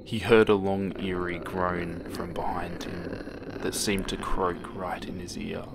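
A man narrating a horror story with a steady, dramatic reading that drops to hushed moments. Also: deep voice, slow pace, creaky, background noise. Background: music.

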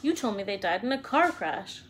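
A woman's voice: medium pitch, sing-song, normal speed, lightly acted. An anxious eleven-year-old boy asks urgent, earnest questions, as a woman reading aloud voices him. His voice sits in a middle register. Faint noise runs behind him.

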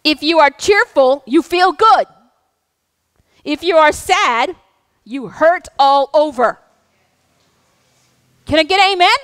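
A middle-aged woman pastor delivers a sermon with intense, animated energy. Her voice sits high, and she drops into playful, self-mocking asides. The sound is dry and close, with little room around it. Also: takes it slowly, pauses often, no echo. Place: church sanctuary.

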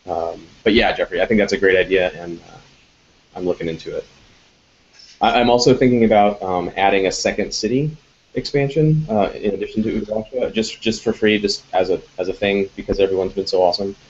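Man, very low voice, loose rambly answers, dull lo-fi stream audio with faint hiss. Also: a little fast. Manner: rambling, many ums and restarts. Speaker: game designer answering audience questions. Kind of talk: casual live Q&A chat.

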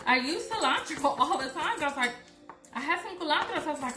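A woman's voice: sits high, lively intonation, a little fast, roomy sound, loud music behind the voice. A young woman from Puerto Rico, chatting and joking with viewers while she chops vegetables in her home kitchen. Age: young adult. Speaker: cooking vlogger. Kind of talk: casual cooking demo.

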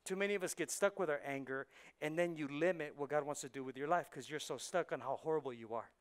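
A male pastor preaching a sermon, moving between hushed, intense passages and loud, driving preaching, and slipping Spanish words into his English. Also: on the high side, quick pace. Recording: church sermon on a live mic.

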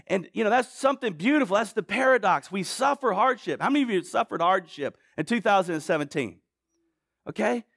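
A man's voice: high voice, animated, creaky, a bit bright, no room sound, clean studio sound. A middle-aged man preaching a sermon in a conversational way, often putting questions to the congregation. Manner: conversational, asks the crowd questions, quick asides.

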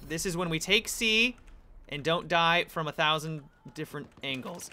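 A young man giving casual, joking commentary over his own gameplay, excitable and laughing, with sudden high squeals of surprise. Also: normal speed, long pauses, slight background noise.

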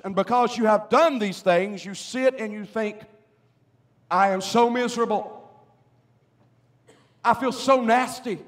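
Pastor, male, high voice, sermon with loud swells. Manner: preaching with rising, shouted emphasis. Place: church sanctuary.

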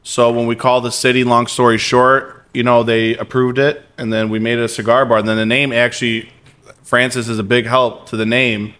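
Bright-voiced lounge owner telling stories. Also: male voice, medium pitch, brisk. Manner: lively storyteller, swears casually, laughs often. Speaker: cigar lounge co-owner, guest. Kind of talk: casual podcast chat. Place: cigar lounge.

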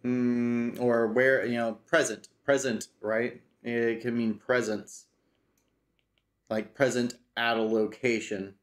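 A man talking casually through a study session, slowly repeating phrases aloud and thinking as he goes. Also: mid-range voice, level tone. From United States. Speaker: language learner teaching himself.

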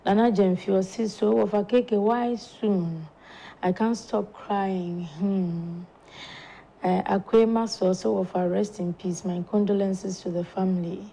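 A Ghanaian woman hosting a talk show, slowly and softly reading out viewer condolence messages in a studio. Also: mid-range voice, steady tone, vocal fry, slight background noise, rough recording. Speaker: show host. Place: broadcast studio.

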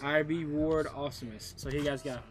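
A young man streaming gameplay live, trash-talking opponents excitably and calling everyone bro and dude. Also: fairly high pitch, quick pace, soft background music. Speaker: gaming streamer.

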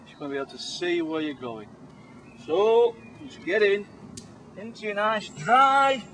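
A man's voice: high-pitched, fairly bright tone, a little hiss or hum, heavily acted, rough recording. A man playing a swearing, hapless survival expert. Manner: swearing, flustered, mock-instructive. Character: blustering hapless male jungle survival expert. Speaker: survival specialist in a comedy sketch. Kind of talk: mock survival-show presentation.

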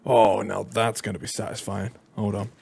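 Man, mid-pitched, lively gameplay commentator; loud game sounds and clicks under the voice. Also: measured pace, noisy background. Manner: excitable, exclaiming and joking. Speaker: gaming YouTuber.

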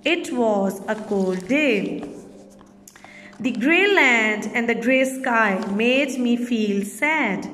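Brief: a teacher with a Pakistani English accent, fairly high voice, very slow and deliberate reading, echoey reverb. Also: female voice, fairly bright tone. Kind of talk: recorded reading lesson for children.

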